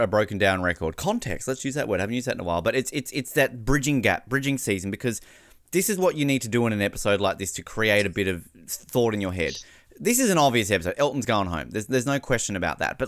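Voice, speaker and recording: A man co-hosting a casual podcast about a reality show, talking in an animated way and acting out quotes. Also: on the low side, dry recording, clean studio sound. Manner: animated, quick to act out quotes. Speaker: podcast co-host. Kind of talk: casual chat.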